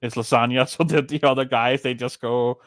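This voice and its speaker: A man's voice: mid-range voice, steady tone, normal speed, dry recording. Man, Danish accent, podcast co-host, casual rambling chat, swears freely, dry close sound.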